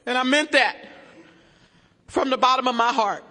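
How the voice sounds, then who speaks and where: In a reverberant hall, a woman at a recovery meeting shares her personal story through amplification to a live crowd. She speaks at a moderate pace in a high voice, alternating earnest stretches with emphatic jokes and occasional shouts.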